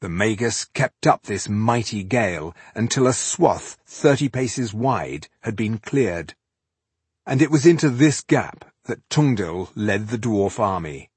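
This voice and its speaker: A man reading a fantasy audiobook as narrator, with measured, dramatic storytelling. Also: on the low side, expressive, husky, no room sound. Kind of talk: scripted narration.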